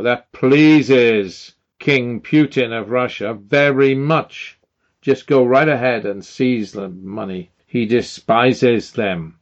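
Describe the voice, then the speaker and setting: An older British man delivering an indignant opinion monologue, firing off rhetorical questions with emphasis. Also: mid-range voice. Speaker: commentator. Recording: dull lo-fi sound.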